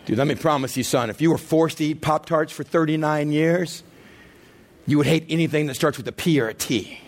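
A middle-aged man preaching a sermon with dramatic swings between loud and hushed delivery. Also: a little high, brisk. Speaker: pastor.

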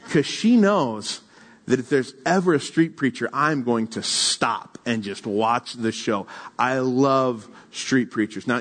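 A man preaching a sermon, telling a story with lively acted-out quotes and then reading scripture to the congregation. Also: medium pitch. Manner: animated storyteller, acts out quotes. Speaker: pastor.

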